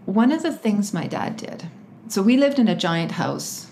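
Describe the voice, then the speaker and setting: A woman as an interview guest, talking earnestly and haltingly, breaking into nervous laughs. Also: medium pitch, very animated, a little mellow, a little hiss or hum. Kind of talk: personal storytelling in conversation.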